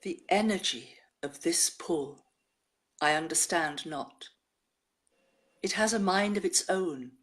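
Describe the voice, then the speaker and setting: A woman presenting a show, chatting and reading listeners' poems aloud in a measured way. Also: on the low side, a bit bright.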